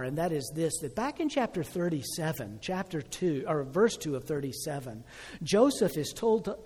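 Husky-voiced man in his sixties preaching. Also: a little high, big-room sound. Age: 60s. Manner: emotional storytelling, swelling loud then dropping soft and slow. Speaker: pastor. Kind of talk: sermon.

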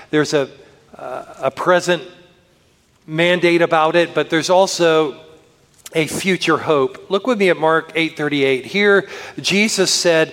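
A man pastor preaching a sermon, earnest and slowing down to lift his voice for scripture, recorded in a church. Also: a little high, fairly bright tone. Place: church sanctuary. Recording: long reverb of a church hall.

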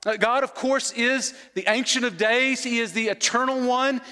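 Male preacher, higher voice, earnest expository sermon, long hall reverb. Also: steady tone, moderate pace, pushed and bright, clean tone. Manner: earnest, repeats words when emphasizing, asks listeners questions.

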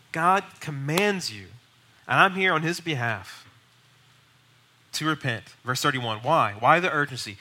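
A male pastor teaches with bold, urging emphasis. His voice sits a little high and has a very bright, piercing edge. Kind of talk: teaching sermon.

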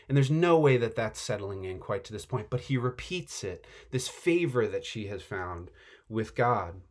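Animated, chatty male preacher. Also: on the low side, normal speed. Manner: animated, chatty, excitable, uses filler "like". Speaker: pastor. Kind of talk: conversational sermon.

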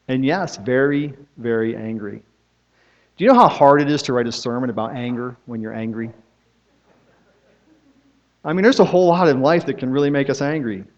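A middle-aged man, a pastor, preaching a sermon in a conversational storytelling way, often asking his listeners "right?". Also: mid-range voice. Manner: conversational storytelling, frequent tag questions. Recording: dull lo-fi sermon recording.

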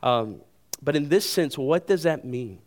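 Guy preaching a sunday sermon, earnest and emphatic, repeats stuff for weight, mid pitch. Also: lively intonation, a little slow. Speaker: pastor.

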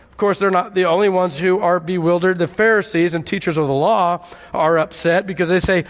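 A male pastor with a high voice preaches at a moderate pace in a big-sounding room. His sermon is conversational, and he calls on the congregation to respond.

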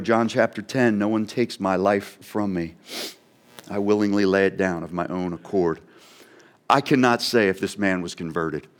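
A man preaching a sermon, dramatically voicing an onlooker's wondering questions. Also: lowish voice. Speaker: pastor.

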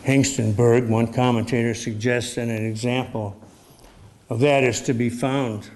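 A man preaching a sermon in a slow, measured, reflective way, posing rhetorical questions. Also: medium pitch, steady tone, a little mellow.

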